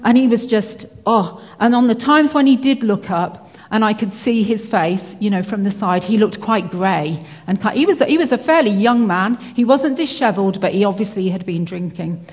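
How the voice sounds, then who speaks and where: A woman's voice: mid-range voice, expressive, moderate pace, darkish tone. A woman telling a personal faith story in a chatty way, with lots of fillers and restarts. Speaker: Christian speaker. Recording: hall with long reverb.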